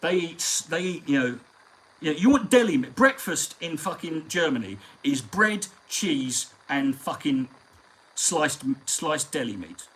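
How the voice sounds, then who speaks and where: A man's voice: on the high side, big pitch swings, a little slow, fairly bright tone, poor audio. A man hosting a live stream, telling long, profane, rambling stories in casual chat.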